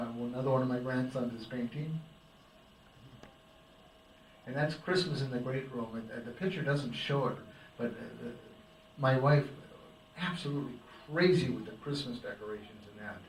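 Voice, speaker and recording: A man's voice: mid-range voice, moderate pace. An older man giving a rambling, folksy slide-show talk to a local group, chuckling at his own jokes. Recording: roomy, distant amateur recording with faint background noise.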